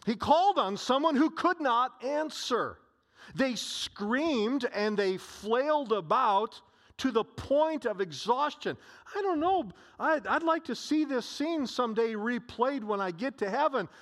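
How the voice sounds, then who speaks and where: A male pastor preaching a sermon, telling a story in an animated way with frequent restarts. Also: very high voice, unhurried.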